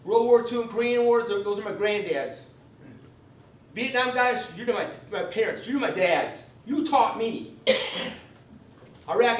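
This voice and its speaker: Recorded from far away in an echoey convention meeting room, a high-pitched man leads a live class on veterans benefits. His style is folksy and emphatic, punctuated by "okay?", with a slight hiss or hum on the audio.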